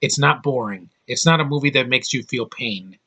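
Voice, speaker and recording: A man's voice: mid-range voice, moderate pace, bright, forceful tone, breathy edge. A man reviewing a movie in a casual vlog, rambling and opinionated with emphatic bursts.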